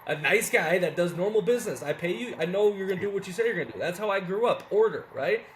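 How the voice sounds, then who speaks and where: A man's voice: high-pitched, expressive, a little hiss or hum. A man in his forties, talking bluntly and with plenty of profanity, telling stories in a casual podcast conversation. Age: 40s. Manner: fast, blunt, profane storytelling.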